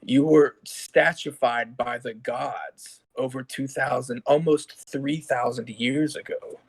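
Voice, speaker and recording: A game master plays a solemn king who speaks slowly and calmly. His lines come in a measured, pleading rhythm. It is a home tabletop game played over a voice call. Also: medium pitch, vocal fry, breathy edge, dry recording, exaggerated voice, rough recording. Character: solemn male king, calm ruler.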